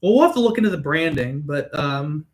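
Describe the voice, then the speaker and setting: A man's voice: on the high side, animated, fairly quick. A man hosting a casual drink-tasting chat, joking and swearing freely. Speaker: host.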